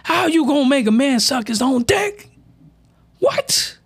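High-voiced man ranting excitedly. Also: moderate pace, gravelly. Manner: excitable, crude, shouting outbursts with voice cracks. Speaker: anime reaction host. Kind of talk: excited reaction commentary.

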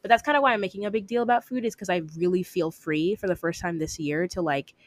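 A woman's voice: lowish voice, quick pace, no room sound. A young woman hosting her own podcast, talking casually and upbeat, with lots of "like" fillers. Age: young adult. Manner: chatty and upbeat, with frequent "like" fillers. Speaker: podcast host. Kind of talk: casual solo podcast talk.

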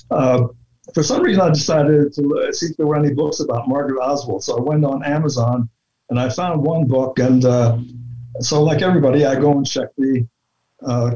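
Guy rambling thru his research w lots of uhs, warm lowish-toned voice, kinda dull lo-fi audio. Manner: deliberate, with many fillers and restarts. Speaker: researcher guest. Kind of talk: conversational interview talk. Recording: dull lo-fi sound.

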